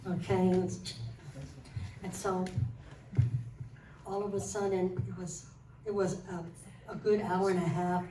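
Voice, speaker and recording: A woman's voice: on the low side, slow pace, pauses often. A woman telling a personal story to a church group, acting out the conversations in it. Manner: animated, acts out quoted dialogue. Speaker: guest sharing a testimony. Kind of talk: casual storytelling testimony. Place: church hall. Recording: roomy hall, mic far off, faint noise.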